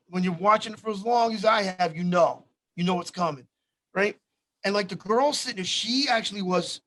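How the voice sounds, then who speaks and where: A man, hosting a sports show and telling casual stories, acting out the people he quotes. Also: high voice. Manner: animated, acts out quotes in other voices. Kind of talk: casual storytelling.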